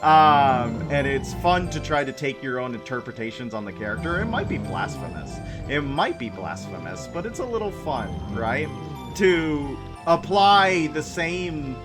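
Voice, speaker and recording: A man's voice: on the high side, lively intonation, unhurried, music in the background. A man casually chatting and giggling while streaming a game, rambling between thoughts. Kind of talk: casual let's-play chat.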